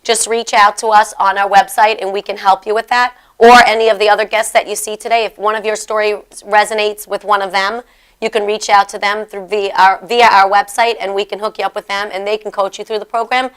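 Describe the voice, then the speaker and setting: Middle-aged woman host, animated and chatty, smooth clear tone. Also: mid-range voice, fairly quick. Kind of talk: casual chat.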